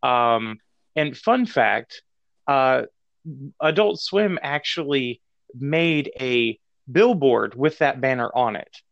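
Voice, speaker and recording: A man's voice: medium pitch, lively intonation, slow, vocal fry, fairly bright tone, no echo, muffled recording. A man in casual podcast chat, rambling with lots of fillers and laughing. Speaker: podcast co-host.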